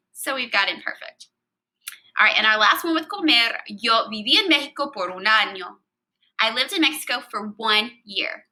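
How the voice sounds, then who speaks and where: A woman with a bright, sharp, somewhat high voice teaches a recorded Spanish lesson. She explains patiently, asks the class questions, and spells out words letter by letter. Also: low-quality recording.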